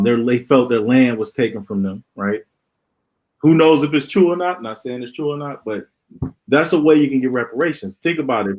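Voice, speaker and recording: A man's voice: on the high side, a little mellow. A man and podcast host stepping in to mediate a heated live-stream debate, rambling with many fillers.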